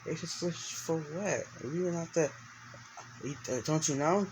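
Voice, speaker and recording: A man's voice: fairly high pitch, unhurried, noisy background. Rambling man telling an improvised story. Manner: rambling, full of restarts and fillers.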